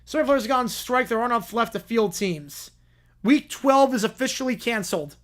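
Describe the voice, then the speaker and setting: A man's voice: very high voice, normal speed, a bit bright. A man hosting a livestream who reads a chaotic fan story aloud and keeps breaking off to comment and laugh. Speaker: livestream host.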